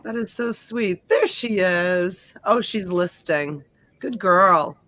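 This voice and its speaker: A woman's voice: on the low side, slow. Chatty woman hosting a livestream. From born in Sicily, raised in the US. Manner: chatty, greets viewers warmly by name. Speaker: livestream host. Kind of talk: casual livestream chat. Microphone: desk USB mic.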